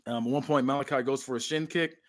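Dude rambling thru a match recap, lots of uh and like, average pitch. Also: male voice, steady tone, fast. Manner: rambling, heavy with fillers like "uh" and "like". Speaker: podcast host. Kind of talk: casual play-by-play recap.

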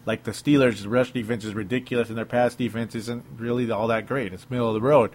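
A man's voice: medium pitch, fairly even intonation, fast talker. A man hosting a casual sports talk show, chatting, chuckling and reading listener comments aloud.

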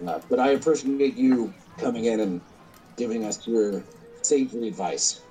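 A man's voice: medium pitch, measured pace, warm tone, faint music behind, low-quality recording. A man playing a tabletop role-playing game, talking in an earnest, blunt way. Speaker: player. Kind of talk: casual tabletop play.

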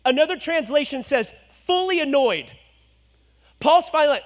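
A male pastor preaching a sermon, swinging between loud exhortation and hushed, low asides. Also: lively intonation, moderate pace.

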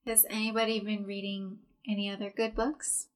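A woman's voice: medium pitch, level tone, normal speed. A woman in a book club, chatting casually and reading passages from the book aloud. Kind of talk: casual chat.

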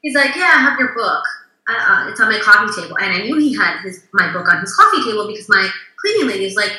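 A woman's voice: medium pitch, big pitch swings, fast, sharp tone, roomy sound, low-quality recording. A woman interior designer as a guest, chatting casually and telling stories in a bubbly way, acting out other people's lines. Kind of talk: casual storytelling chat.

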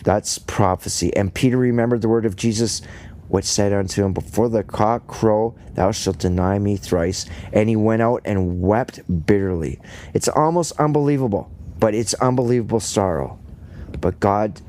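A man with a fairly low voice leads a homespun Bible study podcast. He reads scripture, then explains it in plain, folksy talk with joking asides. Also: normal speed, darkish tone. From Canada. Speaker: podcast host and lay preacher. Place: rural home, indoors.

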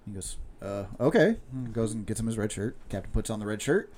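A young man with a lowish, darkish voice speaks briskly and expressively. He tells long-winded jokes in casual chat, laughing often and restarting lines as he rambles along.

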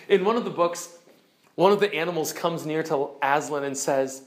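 A man retelling a children's book aloud in an expressive, animated way, swinging between loud bursts and hushed lines. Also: on the high side, normal speed. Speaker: storyteller.

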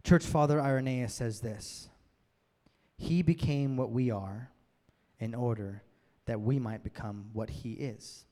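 A male pastor delivers a sermon in a medium-pitched, mellow voice at an unhurried pace. His conversational style builds to emphatic peaks, and the church hall gives the recording a long reverb.

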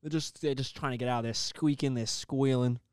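A young man, animated and swearing a lot as he tells a story in casual podcast chat. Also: medium pitch, moderate pace, smooth, no echo. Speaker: podcast co-host.

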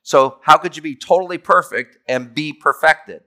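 A man's voice: a little high, normal speed, pushed and bright. A man teaching a theology class in a conversational way, reading scripture aloud and explaining it, often checking in with "okay?". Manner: reads scripture aloud, then explains it plainly. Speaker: Bible teacher.

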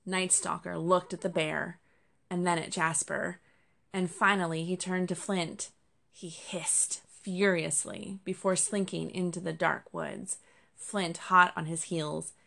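Woman narrator, storybook reading, lowish gravelly voice, expressive and measured.

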